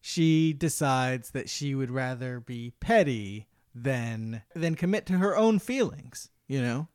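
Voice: mid-range voice, expressive, slow pace, darkish tone, clean tone, dry recording. A podcast co-host recapping a reality dating show in casual chat, with a dry, teasing and contrarian manner.

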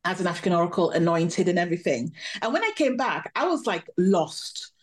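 Animated woman telling a story. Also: lowish voice, fairly quick. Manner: animated, vivid storytelling with laughs. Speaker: podcast guest. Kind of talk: storytelling interview.

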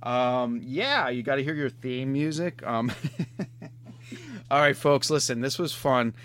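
A man's voice: mid-range voice, takes it slowly, fairly bright tone, a little hiss or hum. A middle-aged man hosting a podcast in casual, rambling chat, often tacking on "man". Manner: rambling, laid-back, says "man" a lot. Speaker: podcast host.

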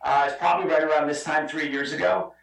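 A middle-aged man with a New Jersey accent tells a long story in a chatty, rambling way. His voice sits a bit high and has a gravelly edge. He sounds set back from the mic in an echoey room. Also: fairly even intonation, quick pace, a bit bright, distant mic. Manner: chatty, rambling, lots of fillers. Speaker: guest, bourbon company founder. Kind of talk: casual storytelling.

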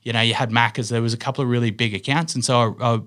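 A middle-aged Australian man chats through his career as a guest, rambling and full of restarts, his voice sitting at an ordinary middle pitch. He laughs a little as he spins his stories, loose and unpolished. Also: fairly even intonation, racing, a bit bright. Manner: rambling, lots of fillers and restarts, laughs while telling stories. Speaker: guest, business owner. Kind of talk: casual interview storytelling.

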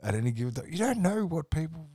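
A man's voice: a little high, very animated, fast, warm tone, husky, no echo, clean studio sound. A man with an Australian accent, a podcast guest telling rambling, sweary work stories in a laid-back way. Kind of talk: casual storytelling chat.

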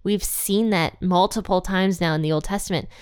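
A woman's voice: on the low side, fairly even intonation, moderate pace, a little mellow, smooth, no room sound, studio quality. A young adult woman hosting a casual Bible teaching podcast, chatty and thinking aloud with fillers and guesses.

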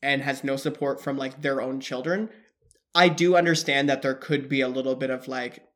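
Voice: mid-range voice, fairly even intonation, normal speed, a bit bright. A co-host in a casual chat who jokes wryly and talks through a point at length. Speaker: podcast co-host. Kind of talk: casual reality-TV recap chat.

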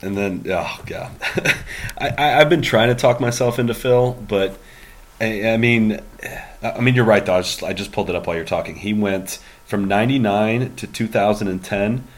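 A man's voice: fairly low pitch, moderate pace. A man hosting a podcast who chats casually and eagerly, reeling off statistics. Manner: eager, reels off stats. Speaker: podcast host. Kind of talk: casual chat.

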